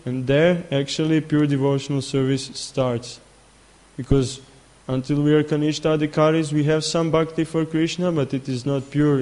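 A man giving a spiritual talk who tells a story in a halting way, repeating words and filling gaps with "uh". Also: on the high side, darkish tone. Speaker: spiritual teacher. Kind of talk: sermon with storytelling.

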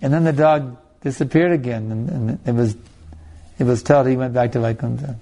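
A man's voice: medium pitch, moderate pace, vocal fry, warm tone. A man as a spiritual teacher telling stories and answering audience questions, with many restarts and laughs. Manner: storytelling with frequent restarts and laughs.

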